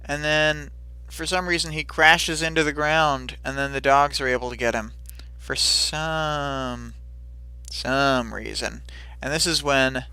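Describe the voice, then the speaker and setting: Slow-talking man, bright clear voice. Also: medium pitch, no echo. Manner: rambling, many fillers, quick silly voices for characters. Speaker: livestream co-host recapping chapters. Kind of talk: casual recap of a fight scene.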